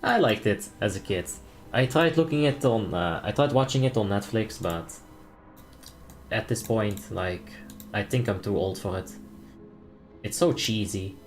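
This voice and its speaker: A man's voice: lowish voice, unhurried, soft background music. A young man from the Netherlands chatting casually on a game stream, joking, reading chat aloud and calling raid tactics. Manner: laid-back, joking, reads chat aloud and laughs often.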